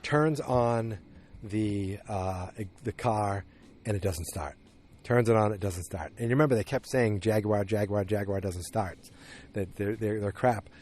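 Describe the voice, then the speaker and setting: A man hosting a podcast, casually recapping a TV episode in a rambling, animated way. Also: fairly low pitch, unhurried, a little hiss or hum. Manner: rambling, animated retelling with acted quotes. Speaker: podcast host.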